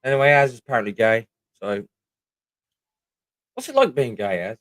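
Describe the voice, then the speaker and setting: A man's voice: medium pitch, wildly swooping pitch, normal speed, a bit bright, no echo. A middle-aged man with a British accent, chatting casually on a livestream, rambling and swearing freely. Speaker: livestream host.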